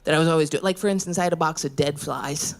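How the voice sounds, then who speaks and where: A woman in her thirties doing a brash, profane stand-up set on a club stage, swinging her pitch wildly when she quotes people. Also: fast, background noise. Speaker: stand-up comedian. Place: comedy club stage before a laughing audience. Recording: live room with loud crowd laughter.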